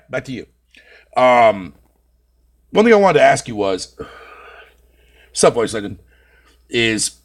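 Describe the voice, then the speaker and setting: A man's voice: mid-range voice, gravelly. Swearing, ranting male streamer. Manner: venting, heavy swearing, rambling; frequent filler phrases. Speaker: live streamer. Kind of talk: casual live-stream chat.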